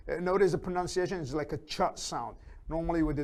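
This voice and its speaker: A man teaching an English grammar lesson, reading example sentences slowly and repeating them for learners, with fillers and small self-corrections. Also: fairly high pitch, a little mellow. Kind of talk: slow, deliberate lesson explanation.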